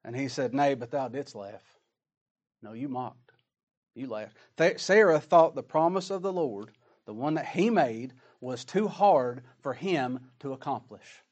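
A man's voice: medium pitch, animated, measured pace, a little mellow. A man preaching a sermon, reading scripture aloud and asking emphatic rhetorical questions.

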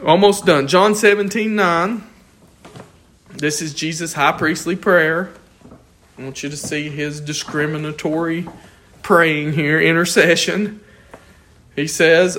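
Lively man leading a Bible study. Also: fairly high pitch, a little slow, a little hiss or hum. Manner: lively, questioning, often chuckling. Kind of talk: informal scripture teaching.

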